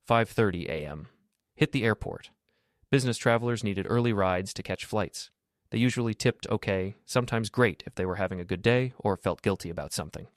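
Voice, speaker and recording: A man narrating a scripted first-person story in a steady, matter-of-fact way. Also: lowish voice, dry recording, studio quality.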